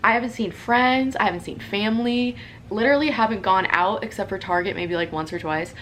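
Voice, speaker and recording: A woman's voice: mid-range voice, brisk, fairly bright tone, slight background noise. A young woman telling a story from her home in a casual vlog, chatty and full of "like" and "you know". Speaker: social media creator.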